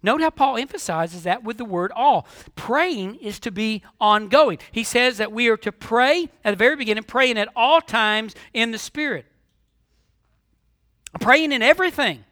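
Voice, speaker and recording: Pastor, male, very high bright voice, dry close sound, sermon delivery moving from hushed to emphatic. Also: expressive, a little slow, dry recording. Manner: preaching with rhetorical questions, swinging from hushed to emphatic.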